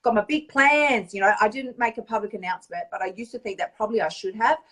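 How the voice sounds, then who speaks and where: A woman weight-loss coach chatting through an animated, casual vlog monologue, often tagging lines with "right?". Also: mid-range voice, fast, recorded from a distance. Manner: animated, chatty storyteller, tag questions.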